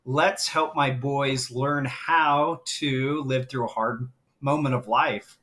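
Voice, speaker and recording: A man's voice: medium pitch, fairly even intonation, takes it slowly, a bit bright. A middle-aged man speaking as a guest on a live stream, telling a heartfelt story and getting emotional as he talks. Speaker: guest, grief coach.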